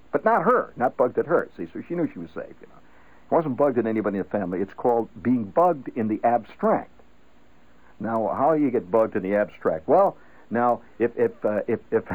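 A man's voice: fairly low pitch, breathy edge. A man telling a rambling, conversational story with frequent asides, heard over a tinny radio broadcast. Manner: conversational, digressive, asides like "see?". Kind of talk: rambling spoken-word storytelling.

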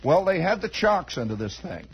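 High-voiced, very husky man spinning a yarn. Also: big pitch swings, normal speed, poor audio. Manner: digressive, chatty, many asides and restarts. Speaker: storyteller. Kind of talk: rambling comic storytelling monologue.

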